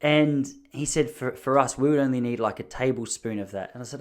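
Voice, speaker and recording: A man's voice: medium pitch, brisk, hardly any pauses. Man, Australian accent, podcast host, casual storytelling, rambling, self-deprecating.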